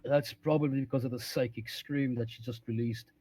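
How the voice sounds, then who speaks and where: A man playing a tabletop role-playing game, animated and prone to swearing. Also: mid-range voice, a little fast. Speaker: player.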